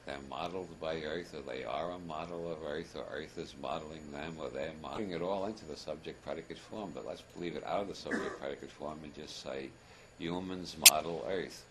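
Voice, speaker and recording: A man's voice: a bass voice, fairly quick, few pauses. An older man giving a rambling, humorous talk to a live audience, wry and chuckling, wandering off on self-deprecating asides. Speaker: lecturer. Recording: noisy archival audience recording.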